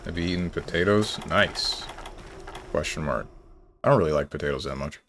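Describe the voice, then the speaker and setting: A man streaming a game, talking in a dry, low-key way to his chat, with sudden high yelps when he gets hit. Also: normal speed, fairly bright tone, slight background noise. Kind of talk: casual gameplay commentary. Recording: game music behind the voice. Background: faint game music.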